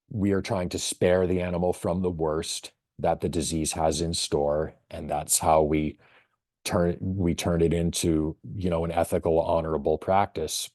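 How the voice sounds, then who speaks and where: A man with a very low, mellow voice presents a webinar for veterinary colleagues. He talks in a thoughtful, storytelling way with measured pauses. The sound is dry and close to the mic. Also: little pitch movement, dry recording.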